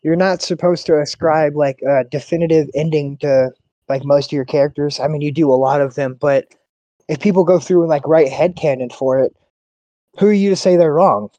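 A man's voice: on the high side, steady tone, normal speed, mellow, no echo, dull audio. Chatty man, dry close sound. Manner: explanatory, chatty with casual swearing. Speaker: podcast co-host. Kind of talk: casual chat.

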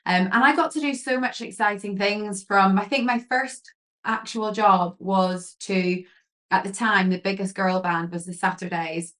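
A woman guest chatting in an interview, telling lively stories full of fillers and acting out what people said. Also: medium pitch, a little slow. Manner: lively storyteller, many fillers, acts out quotes. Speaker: guest, pageant queen and photographer. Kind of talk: casual interview chat.

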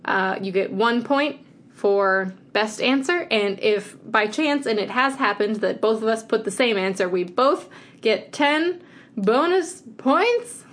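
A woman's voice: mid-range voice, a little slow, fairly bright tone. A woman co-hosting a casual chat podcast, playful and chatty as she runs a game segment. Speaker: podcast co-host.

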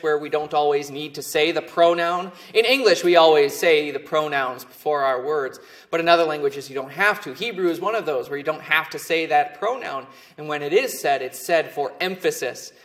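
A man's voice: on the high side, fairly bright tone. A man preaching a sermon as pastor, earnest and emphatic, with phrase endings that fall away.

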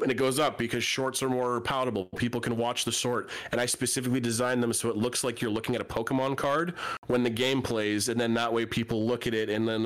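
A man's voice: mid-range voice, little pitch movement, fast, fairly bright tone. A man co-hosting a podcast in casual chat, rambling and searching for words, swearing freely. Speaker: podcast co-host.

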